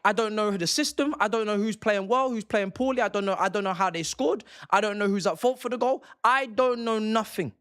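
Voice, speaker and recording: A man's voice: high voice, brisk, hardly any pauses, a bit bright, smooth. A young man, a football streamer ranting angrily and with lots of swearing on a live stream. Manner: angry, profane, repetitive ranting.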